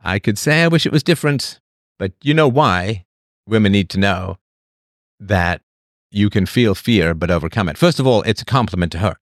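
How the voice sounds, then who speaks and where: A man's voice: lowish voice, animated, moderate pace, no echo, studio quality. A man hosting a show, talking casually in a rambling monologue and answering the chat. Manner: rambling, with acted voices and asides.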